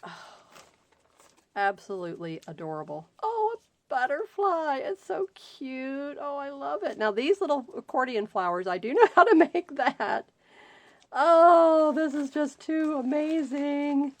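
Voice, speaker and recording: A high-voiced woman with big pitch swings hosts a crafting channel, recorded with no echo. Chatting casually while unboxing happy mail, she gushes over each gift, exclaims a lot, and lingers in slow, drawn-out delight.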